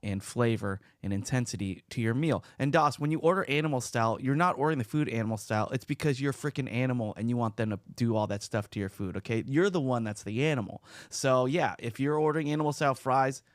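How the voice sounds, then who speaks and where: An animated man co-hosting a casual podcast chat and telling playful stories. He speaks in a middle register, and the recording is close and dry. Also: medium pitch, fast talker, few pauses, no room sound. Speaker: podcast co-host.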